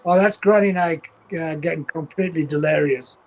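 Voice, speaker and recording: A veteran tour manager guesting on the show, an older man with a Geordie accent, talks a bit fast in a fairly high voice. His casual, anecdotal road stories ramble and are thick with profanity, and he swears freely. The recording quality is low.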